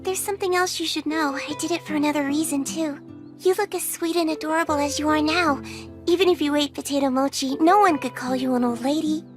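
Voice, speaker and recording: A woman's voice: high voice, steady tone, a little fast, over music, close to an everyday voice. A woman voicing a polite, earnest young witch girl in an anime dub. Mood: gentle.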